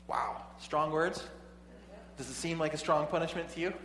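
A man with a fairly high voice preaches in a big, echoey hall, with a faint hum behind him. He reads scripture and then drifts into a chatty story, chuckling and restarting his sentences as he goes. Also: normal speed, fairly bright tone. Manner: conversational, chuckling asides, frequent restarts. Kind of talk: sermon with storytelling.

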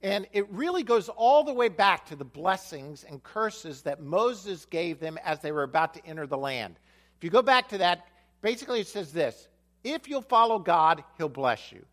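A man's voice: sits high, lively intonation, normal speed. A man preaching a sermon, retelling a Bible story and acting out its dialogue, with repeated phrases for emphasis. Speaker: pastor.

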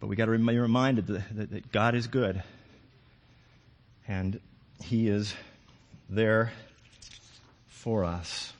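An older man preaching a sermon with passion, moving from hushed reflection to loud pleading. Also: on the low side, steady tone, slow, long pauses. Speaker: pastor.

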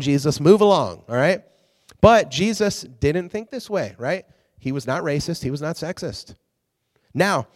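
A slightly high-voiced man preaches in a loose, conversational way, restarting phrases and tossing in "okay?" to his listeners. His voice rings out with a long reverb, as if he is speaking in a large hall. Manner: animated and chatty, with frequent restarts and "okay?" check-ins. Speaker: preacher teaching a Bible lesson. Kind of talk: casual, conversational Bible teaching.

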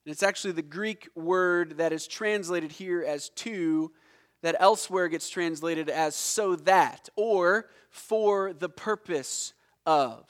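Preacher guy, high-ish voice, slow and deliberate, leans hard on words then drops them soft. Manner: emphatic, drops low and soft on key words; explains word meanings slowly and deliberately. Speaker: pastor. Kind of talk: sermon.

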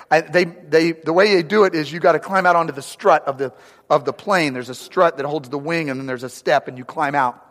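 High-voiced man preaching in a reverberant hall. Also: fairly quick. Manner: storytelling, swings from loud urgent preaching to hushed prayer. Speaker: pastor. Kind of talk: sermon.

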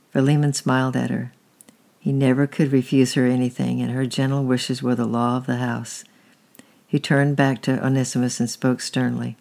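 A storyteller reading a historical tale aloud at an unhurried, steady pace, with a few slips. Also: mid-range voice, vocal fry.

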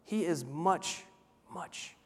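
A man preaching a sermon, earnest and emphatic, slowing down to repeat words for weight. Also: fairly high pitch, animated. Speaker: pastor. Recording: long hall reverb.

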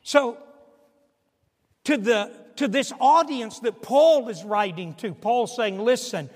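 Older guy, 60s, preaching in a church, kinda high voice, echoey hall, goes quiet then loud. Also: expressive, unhurried. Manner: swings from hushed asides to shouted emphasis. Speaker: pastor. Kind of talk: sermon. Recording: long hall reverb.

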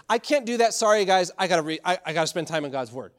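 A man's voice: on the high side, lively intonation, quick pace, few pauses. A middle-aged man, a pastor, preaching a sermon with repeated, urging calls and frequent restarts. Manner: repetitive, exhortative preaching with fillers and restarts.

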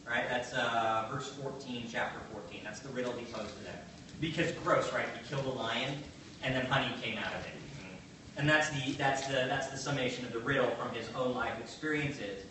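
A man preaching a sermon in an animated, conversational way, telling a story and acting out the quotes. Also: medium pitch, moderate pace, slight background noise. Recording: very echoey, distant mic, faint ambience.

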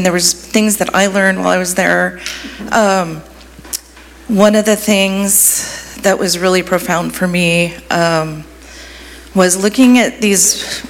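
A woman's voice: fairly low pitch, creaky. A woman youth ministry leader tells an emotional testimony at a church sharing time. She gushes and trails off through many fillers. Her voice carries a long reverb from the hall, with a faint hum of room noise.

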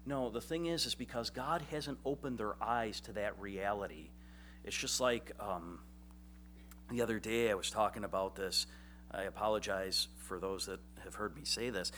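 A man's voice: fairly low pitch, pushed and bright, a little hiss or hum. A man preaching a sermon in a conversational, self-deprecating way, often acting out little quoted exchanges. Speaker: pastor.

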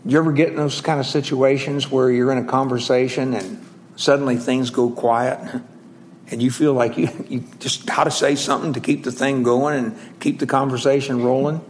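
Halting, conversational male preacher. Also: mid-range voice, fairly even intonation, slight background noise. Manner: conversational, halting, with frequent ums and restarts. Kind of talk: sermon.

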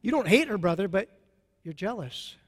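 A man with a high voice preaches to a congregation, pressing his points with emphasis and slow repetition. His voice rings out in a large hall with a long reverb tail. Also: lively intonation. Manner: emphatic, repeats key phrases slowly. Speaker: pastor. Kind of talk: sermon on marriage.

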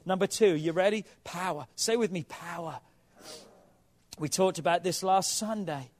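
A man with a high voice preaching a fervent sermon as a pastor. He presses his listeners hard, swinging from near shouts to soft, hushed stretches. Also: moderate pace. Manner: urging, rising to near shouts then dropping to a hushed whisper.

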